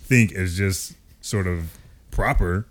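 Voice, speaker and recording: A middle-aged man calmly explaining his view as a guest in a casual podcast chat. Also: deep voice, slow.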